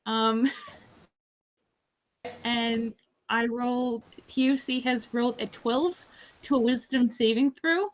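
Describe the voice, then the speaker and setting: A woman playing in a tabletop game, describing her character's actions with halting, repeated words. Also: fairly high pitch, steady tone, poor audio. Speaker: player. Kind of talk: tabletop play chat.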